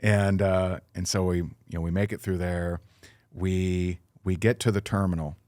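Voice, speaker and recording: A man's voice: low-pitched, steady tone, normal speed, darkish tone, no echo, studio quality. A middle-aged man talking as a podcast guest, telling an earnest, emotional personal story with many fillers and restarts.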